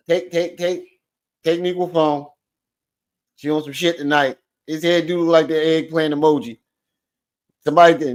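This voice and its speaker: A man hosting a casual livestream, loud, profane and teasing as he jokes with the chat. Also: on the high side. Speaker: livestream host.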